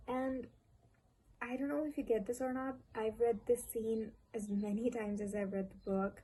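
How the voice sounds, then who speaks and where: A woman's voice: a little high, fairly even intonation, normal speed, dark tone, husky, rough recording. Gushing young woman with a Pakistani accent. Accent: Pakistani English. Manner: gushing, repeats herself for emphasis. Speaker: book vlogger. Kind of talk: casual chat about books. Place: home, street vendor calls outside. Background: faint street noise.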